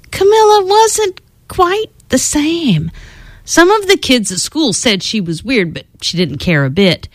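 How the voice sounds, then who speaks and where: A woman reading a children's storybook aloud in an expressive, lilting storytelling manner. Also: mid-range voice, dry recording.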